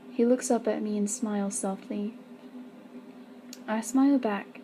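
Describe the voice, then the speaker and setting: Female student reader, soft and mellow, half-whispered storytelling. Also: medium pitch, fairly even intonation, a little slow, long pauses, a little hiss or hum, low-quality recording. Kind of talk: reading a first-person romance story aloud.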